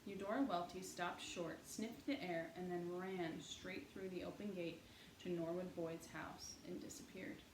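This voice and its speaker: A woman narrating an audiobook in an expressive storytelling manner. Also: on the low side, unhurried. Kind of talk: audiobook reading. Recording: echoey room, faint hiss.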